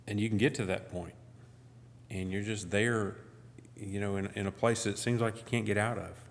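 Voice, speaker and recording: A man's voice: on the low side, fairly even intonation, moderate pace, creaky. A middle-aged man giving a conversational sermon as guest speaker, full of "you know" and restarts. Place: church. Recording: long church hall reverb.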